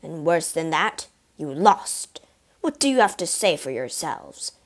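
A woman's voice: low-pitched, sing-song, a little slow, a little mellow, full character voice. A woman voicing a stern, scornful male captain of musketeers in a storybook reading, snapping at his men. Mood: scolding.

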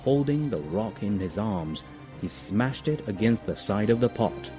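Guy reading a kids story, lively up and down voice, music playing under. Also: lowish voice, unhurried. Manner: expressive, storytelling. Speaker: narrator. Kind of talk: storybook narration. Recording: music behind.

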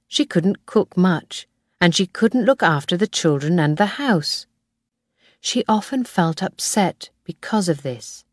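A woman narrating an audiobook in a slow, clear, measured reading. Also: fairly low pitch, no echo, studio quality.

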